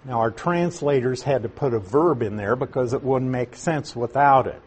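A man teaching through a Bible passage verse by verse, slowing down to stress key words and asking his listeners questions. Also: mid-range voice, slight background noise. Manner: asks the audience questions.

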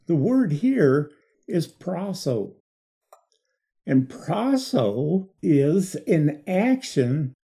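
A man leading a Bible study lesson, explaining verses in a deliberate way and stressing key words. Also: a little high, dark tone.

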